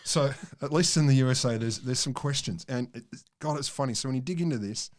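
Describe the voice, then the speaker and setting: An Australian man co-hosting a science podcast tells a story in a rambling, amused way, restarting often. His voice is medium-pitched and quick-paced, and the chat is casual.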